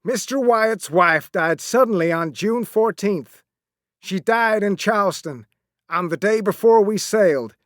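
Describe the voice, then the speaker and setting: A man narrating a classic story as an audiobook, reading in a slow, simple, clear way. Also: high voice, fairly bright tone, dry recording, studio quality.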